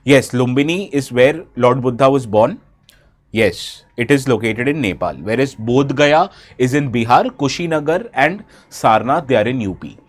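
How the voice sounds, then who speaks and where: A man with an Indian English accent runs a live online exam-prep class, reading viewers' names from the chat as he quizzes them. He often corrects himself mid-sentence. His medium-pitched voice has lively intonation and a moderate pace.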